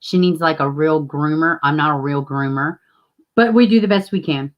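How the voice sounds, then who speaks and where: A woman's voice: low-pitched, normal speed, dull audio. A woman, casually chatting with viewers as a livestream host and greeting them by name. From Tennessee, US.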